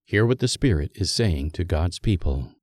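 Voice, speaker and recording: A man with a fairly low voice reads scripture aloud in a measured, solemn way. He lifts his delivery for quoted speech, and the sound is close and dry with no room echo. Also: lively intonation, darkish tone. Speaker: scripture reader. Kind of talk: scripted liturgical Bible reading.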